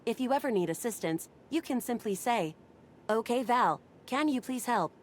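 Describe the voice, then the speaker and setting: A woman's voice: a little high, moderate pace, a little hiss or hum, close to an everyday voice. A woman voicing a polite home-assistant AI. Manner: calm, polite, repetitive.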